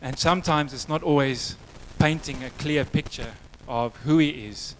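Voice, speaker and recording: A man's voice: fairly high pitch, normal speed, a little hiss or hum, rough recording. A man preaching a sermon, telling a story in a conversational way before moving to prayer. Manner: storytelling, conversational with acted quotes.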